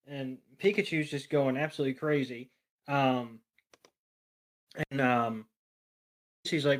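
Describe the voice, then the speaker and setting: A man on a podcast, recapping a cartoon in an animated way, swearing freely and acting out characters' lines. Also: medium pitch, measured pace, long pauses. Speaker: podcast co-panelist. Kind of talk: casual episode recap.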